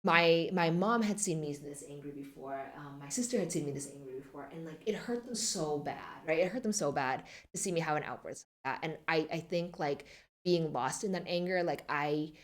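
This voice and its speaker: A young woman in her twenties speaks as a podcast guest, her voice sitting low. She talks in a soft, reflective way, pausing often and leaning on fillers as she thinks aloud. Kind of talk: podcast interview.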